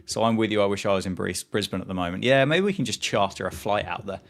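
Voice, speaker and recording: A man's voice: on the low side, expressive, quick pace. A man, hosting a live cricket watchalong stream, chatting casually, reading out viewers' messages and reacting to the play. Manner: chatty, reads chat aloud and reacts to play. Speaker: livestream host.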